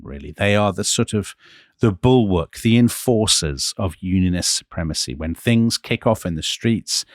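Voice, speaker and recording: A man co-hosting a history podcast, telling the story with animated emphasis. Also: deep voice, no echo, studio quality. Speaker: podcast co-host.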